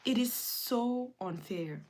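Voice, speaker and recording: A woman hosting a livestream rants indignantly in an animated, slow, slightly mellow voice. She repeats herself, her pitch jumping suddenly, while chatting casually and reading viewer comments aloud.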